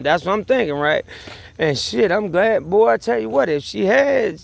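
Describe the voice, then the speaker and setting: A man's voice: high-pitched, moderate pace, gravelly. A man telling a story in a casual monologue, rambling, swearing and laughing as he repeats himself. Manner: rambling, profane, laughing, repetitive. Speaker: vlogger.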